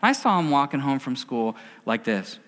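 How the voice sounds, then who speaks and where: A middle-aged pastor preaches a sermon conversationally, telling stories and acting out quotes, in a mid-range, fairly bright voice with big pitch swings at a normal speed. A hall's long reverb and slight background noise surround him.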